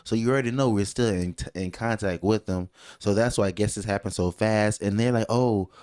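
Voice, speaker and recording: Animated joking podcast co-host, low-voiced man. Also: brisk, smooth. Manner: animated, jokey, rambling with restarts. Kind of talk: casual podcast chat.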